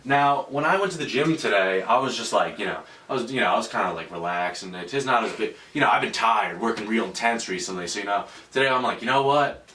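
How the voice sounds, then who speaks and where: A man's voice: fairly low pitch, lively intonation, fast, hardly any pauses, sharp tone, far from the mic, a little hiss or hum. A man hosting a casual podcast, telling a story with lots of swearing. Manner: profane storytelling. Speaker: podcast host. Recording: echoey room, off-mic.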